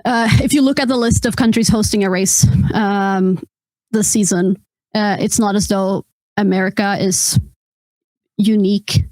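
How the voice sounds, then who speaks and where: A woman's voice: mid-range voice, steady tone, a little slow, a little mellow, dry recording. A woman co-hosting a casual podcast, chatty and loose, with frequent fillers and laughs. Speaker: podcast co-host.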